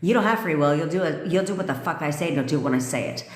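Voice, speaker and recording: A woman's voice: sits low, animated, rapid-fire. A woman manifestation coach on a live stream, talking in a brash, profane, commanding way and reading out viewers' comments as she goes. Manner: reads live comments aloud. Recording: echoey room with long reverb.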